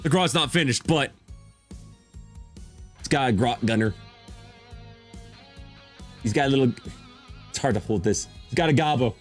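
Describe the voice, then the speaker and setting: A man's voice: medium pitch, a little slow, pauses often, faint music behind. A man streaming as a VTuber in a casual chat, talking with rambling enthusiasm and frequent restarts.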